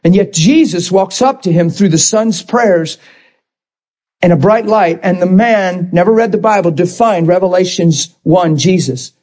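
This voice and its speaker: A man's voice: sits high, unhurried, darkish tone. A man preaching a sermon, impassioned and rising to emphatic bursts.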